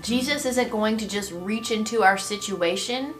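A woman giving a devotional Bible teaching in a reflective, gently expressive way. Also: medium pitch, normal speed. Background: soft guitar music.

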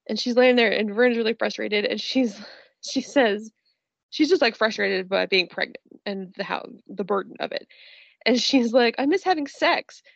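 A woman's voice: mid-range voice, moderate pace, vocal fry, no echo, lo-fi sound. A woman podcast co-host chatting casually about a movie, giggling and quoting its lines in character voices.

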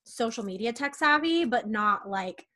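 A woman in her twenties co-hosting a podcast, expressive and a little burnt out. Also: fairly high pitch, normal speed. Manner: expressive, excitable. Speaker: podcast co-host. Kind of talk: casual chat.

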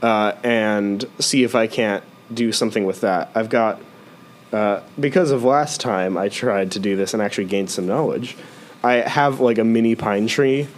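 A man's voice: lowish voice, moderate pace, a little hiss or hum. A man playing a tabletop role-playing game, talking through his character's actions in a rambling way. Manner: rambling, full of uh and like. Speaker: player.

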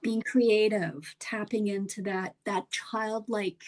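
A woman's voice: mid-range voice, steady tone, slow pace. A woman who took part in a voice workshop, speaking thoughtfully in an interview and slipping at times into a half-whisper. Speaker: workshop participant, guest. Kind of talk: conversational interview.

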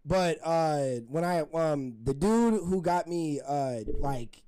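Young guy telling a story on a podcast, kinda high voice, rambly, lots of laughing. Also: slow pace, dark tone, a little hiss or hum. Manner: laughs often, rambling with many fillers. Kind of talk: casual storytelling chat.

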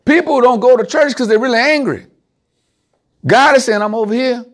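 Speaking at a moderate pace with a fairly bright tone, a man with a notably high voice gives an informal sermon to a small group. He keeps it conversational, tossing out rhetorical questions and chuckling.

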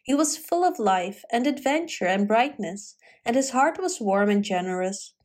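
A woman reading a fairy tale aloud in a gentle, expressive storytelling manner. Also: a little high, normal speed.

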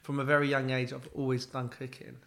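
A man, a guest telling stories in a friendly, relaxed way. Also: mid-range voice, brisk, gravelly. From West London, England. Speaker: guest, former footballer. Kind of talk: casual chat interview.

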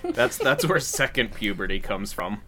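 A man's voice: fairly low pitch, very animated, moderate pace, bright, forceful tone, a little hiss or hum. A man co-hosting a podcast, self-deprecating with dry humor in casual chat. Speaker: podcast co-host.

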